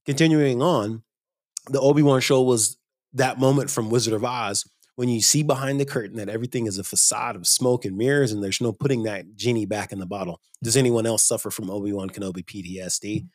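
A man's voice: medium pitch, brisk, no echo, clean studio sound. A man hosting a casual podcast, opinionated and emphatic when he gets going. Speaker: podcast host.

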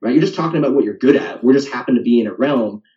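This male fitness coach talks very fast in a dark-toned, mid-range voice, chatting loosely on a podcast. Chatty by nature, he closes each point with "right?", captured in a distant, roomy, muffled lo-fi recording.

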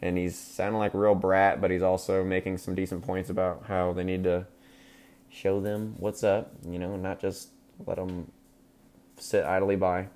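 Deep-voiced man rambling through a movie recap. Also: flat delivery, normal speed, darkish tone. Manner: rambling, crude and joking, with frequent fillers. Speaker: podcast host.

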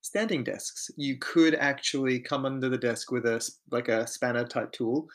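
A man's voice: mid-range voice, moderate pace. Guy cohosting a podcast, chatty, blunt, drops the odd swear. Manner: candid, storytelling, swears freely. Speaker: podcast co-host. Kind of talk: casual chat.

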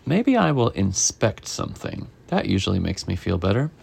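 Storybook health inspector, hungry and fussy, slow musing lines, gravelly, read aloud by a man. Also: lowish voice, very animated, darkish tone, exaggerated voice.

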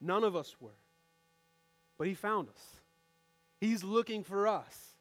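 A young male pastor with a notably high voice for a man preaches to his congregation in a church. His delivery is conversational and direct, speaking to the people in the room as he explains his point. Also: animated, slow. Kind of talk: sermon.

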